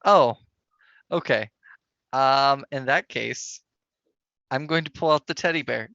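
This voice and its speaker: A man playing a tabletop game, speaking in character in a formal, deadpan way, over a dull lo-fi mic. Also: medium pitch, slow pace, vocal fry, long pauses, dry recording. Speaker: player. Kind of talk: in-character tabletop role-play.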